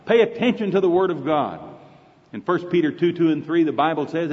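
Folksy Oklahoma preacher in a sermon. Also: male voice, a little high, animated, fairly quick. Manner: folksy, emphatic, quoting scripture. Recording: dull recording with long hall reverb.

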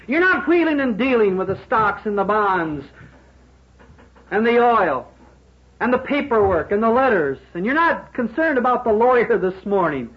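A man delivers a sermon in a high voice that leaps all over its range, by turns punching out lines and dropping to a near hush. He throws rhetorical questions at the room. The recording is dull and lo-fi. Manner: emphatic, rhetorical questions, swings between loud and quiet. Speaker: preacher addressing businessmen.

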